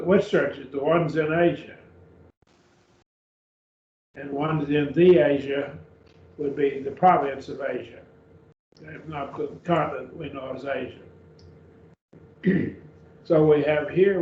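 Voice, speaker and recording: A man teaching a Greek grammar class in a church classroom, speaking slowly and deliberately, repeating and spelling out words. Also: fairly high pitch. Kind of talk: classroom lecture. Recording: echoey room, dull far-off mic, faint hiss.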